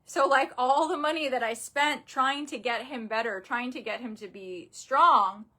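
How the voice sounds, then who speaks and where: Young adult woman, slightly high voice, grieving vlogger. Halting, upset delivery, near tears, lots of restarts. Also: pushed and bright. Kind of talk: emotional personal story.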